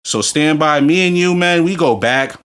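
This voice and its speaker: A man, drunk and telling crude stories on a podcast, ranting loudly with profanity and bursts of laughter. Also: fairly high pitch, normal speed, smooth. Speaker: podcast co-host. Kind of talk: crude storytelling banter.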